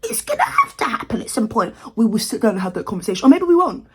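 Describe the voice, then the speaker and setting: A woman's voice: a little high, wildly swooping pitch, fast, husky. A young British woman from the UK giving sassy, outraged celebrity commentary in a casual vlog, with exaggerated reactions. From United Kingdom. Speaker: commentary vlogger.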